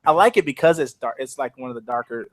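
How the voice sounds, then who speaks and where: A man on a podcast describing a TV show in a halting way, full of likes and restarts. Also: mid-range voice. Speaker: podcast co-host. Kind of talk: casual chat.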